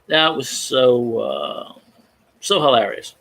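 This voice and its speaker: A man's voice: a little high, animated, normal speed, sharp tone. A young man in casual sports talk, ranting with profanity and frequent stumbling restarts.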